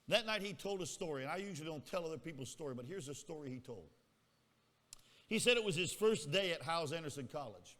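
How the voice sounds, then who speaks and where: A man preaching a storytelling sermon with a bright, forceful voice pitched a little high. He speaks in a folksy way and teases his listeners. Long hall reverb trails his words. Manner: folksy, teasing the congregation. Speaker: pastor.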